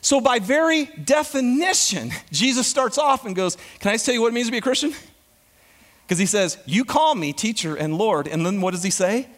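Animated, high-voiced male pastor preaching. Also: fairly quick. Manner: animated preaching, questions to the congregation. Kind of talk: sermon.

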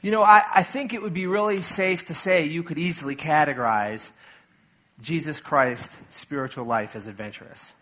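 A man delivering a sermon in a church, talking to the congregation like he's chatting with them. His voice is bright and a touch high, and he breaks up the reading with quick asides. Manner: conversational, animated preaching with asides and acted-out quotes. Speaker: pastor.

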